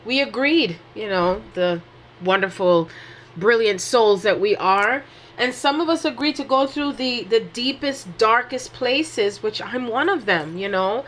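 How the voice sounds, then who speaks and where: A woman's voice: a little high, expressive, unhurried, fairly bright tone, a little hiss or hum. A woman giving a casual spiritual talk in a heartfelt, rambling way, full of fillers and restarts, with sudden jumps in her voice. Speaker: spiritual teacher.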